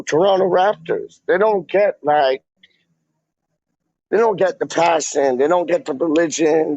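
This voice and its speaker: A man rambling through a casual livestream, his voice slightly high and full of gravel and fry. He drawls slowly, piling on slang and "like". The audio is dull and lo-fi. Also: darkish tone, no echo. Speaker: fan vlogger reading live chat.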